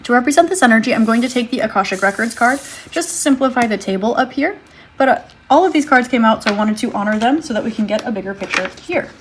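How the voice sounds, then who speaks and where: A woman giving a tarot reading to her viewers, speaking in a gentle, reassuring way and thinking aloud as she draws cards. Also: a little high, lively intonation, fast, slight background noise. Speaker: tarot reader.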